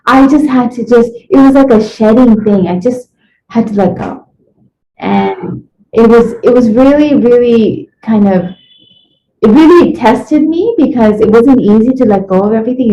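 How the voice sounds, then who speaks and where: A woman being interviewed, telling a personal story in a rambling, animated way and acting out what people said to her. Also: medium pitch, slight background noise. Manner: rambling, animated retelling with acted-out quotes. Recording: echoey room, dull lo-fi sound.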